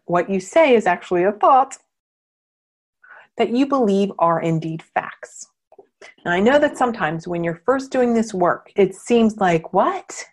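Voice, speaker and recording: A woman hosting a motivational podcast, talking casually with lots of fillers and acting out quoted thoughts. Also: medium pitch. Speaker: podcast host and coach.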